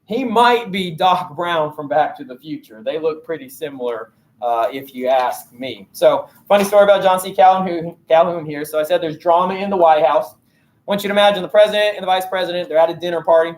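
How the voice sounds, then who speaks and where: Guy teaching a history class, kinda higher voice, laid back and jokey. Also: brisk. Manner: casual, joking explanations with slangy asides. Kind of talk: recorded classroom lesson.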